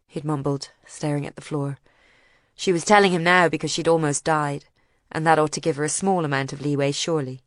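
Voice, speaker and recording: A woman reads an audiobook chapter with measured, steady storytelling. Her voice sits low and the recording is dry and close. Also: dry recording. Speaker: audiobook narrator. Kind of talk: scripted narration.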